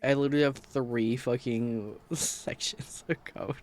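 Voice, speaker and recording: A tired man streams casually, rambling about games and his code while swearing and laughing a lot. His voice is medium in pitch, with a steady tone and an unhurried pace.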